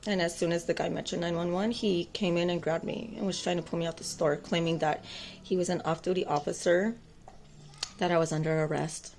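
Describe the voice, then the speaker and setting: A woman's voice: lowish voice, fairly even intonation, brisk, vocal fry, a little mellow, slight background noise. A woman, mother of two, telling a personal story to camera in a rambling, intense way, with many fillers and a defiant tone. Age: adult, mother of two boys. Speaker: tarot vlogger.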